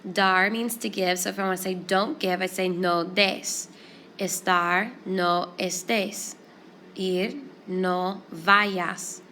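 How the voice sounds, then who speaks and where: A woman teaching a Spanish grammar lesson, explaining each step in a clear, steady way. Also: on the low side, slow, a little hiss or hum.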